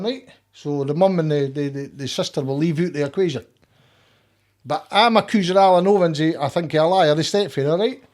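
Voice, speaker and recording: A man's voice: fairly high pitch, a little mellow. An older Scottish man talking as a podcast guest, blunt and rambling, with frequent swearing. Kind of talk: casual conversation.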